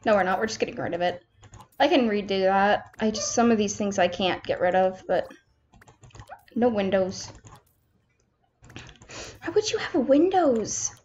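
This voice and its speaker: A woman's voice: mid-range voice, expressive, moderate pace, long pauses, a little mellow, a little hiss or hum. A young woman casually commentating as she plays a management game, chatty and self-mocking, talking to herself as she builds. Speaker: gaming streamer. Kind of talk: casual let's-play commentary. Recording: slightly dull lo-fi home recording.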